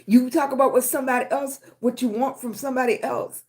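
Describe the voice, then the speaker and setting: A woman's voice: high-pitched, fairly even intonation, quick pace. A middle-aged woman from Virginia, hosting a livestream, giving encouragement and greeting viewers affectionately by name, often asking "right?". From Virginia, USA. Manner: affectionate, calls listeners baby and sweetie, keeps asking "right?". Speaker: livestream host. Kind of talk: live-stream motivational talk and greeting viewers.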